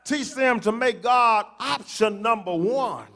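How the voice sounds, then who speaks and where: A man preaches a church sermon. His voice sits very high and rings bright and forceful. He builds on repeated phrases and lets them swell into shouts. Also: takes it slowly. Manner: rhythmic preaching with repetitions and shouted climaxes. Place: church sanctuary.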